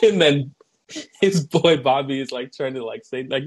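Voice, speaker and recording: A young man co-hosting a casual podcast, retelling movie scenes with lots of laughter and loud acted-out quotes. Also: mid-range voice, normal speed, heavy background noise. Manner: laughs often, acts out quotes in a raised voice. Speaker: podcast co-host.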